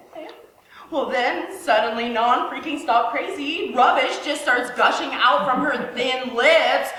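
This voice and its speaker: A woman's voice: high voice, sing-song, moderate pace, pushed and bright. A woman telling a personal story in a wry, sarcastic way. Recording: echoey room, faint hiss.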